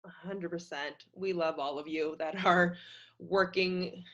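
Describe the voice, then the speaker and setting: A woman hosting a podcast in casual chat, enthusiastic and quick to laugh. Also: on the low side, steady tone, lo-fi sound. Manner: warm, enthusiastic, laughs easily. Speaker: podcast host.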